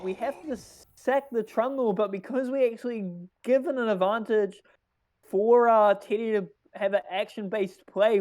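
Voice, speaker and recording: This medium-pitched co-caster covers a live card game esports match with quick laughter and plenty of excitement. Sentences frequently get restarted partway through.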